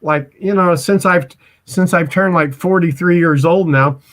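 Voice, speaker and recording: A man's voice: a little high, unhurried, fairly bright tone. A man in his forties from Missouri, telling casual stories as a guest, rambling with restarts and stammers. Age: 40s. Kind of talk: casual storytelling.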